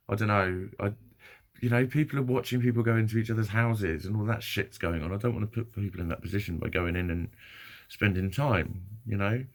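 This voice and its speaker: A man's voice: low-pitched, vocal fry. A man vlogging in a rambling, sweary, self-deprecating monologue. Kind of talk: casual monologue.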